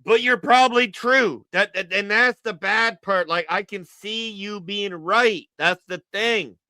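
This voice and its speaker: A man's voice: sits high, measured pace, pushed and bright, no room sound. A man hosting a livestream, giving casual, joking reaction commentary and repeating his phrases. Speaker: livestream host.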